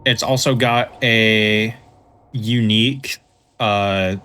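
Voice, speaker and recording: A man hosting a let's play, explaining game mechanics in a relaxed, casual way with dry humor. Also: lowish voice, drawn-out words, clear, resonant tone. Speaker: host, let's play commentator. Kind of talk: casual gameplay commentary.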